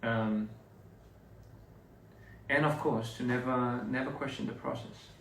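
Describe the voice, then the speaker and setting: A man's voice: mid-range voice, steady tone, takes it slowly, creaky, slight background noise. A young man, chatting casually to fans on a livestream, rambling with many restarts and fillers. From Australia. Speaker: performer talking to fans. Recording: roomy, somewhat distant phone audio.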